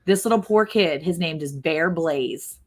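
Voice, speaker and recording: A woman with a deep voice and measured pace hosts a casual livestream. She runs a guessing game by quizzing her co-host and reads viewer comments aloud.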